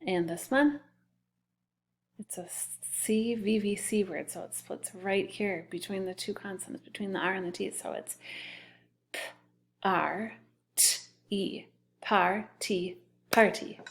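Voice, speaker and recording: A woman's voice: mid-range voice, moderate pace. A woman teacher giving a recorded phonics lesson to second graders, patiently sounding out words letter by letter.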